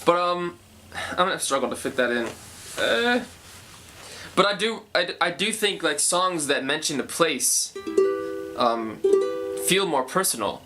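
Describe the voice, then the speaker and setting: A young man with a fairly high voice talks casually through his songwriting, thinking aloud and often restarting his sentences. A ukulele plays faintly under his voice. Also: animated, a little slow, long pauses, over music. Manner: thinking aloud, rambling, self-correcting. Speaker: songwriter explaining his process.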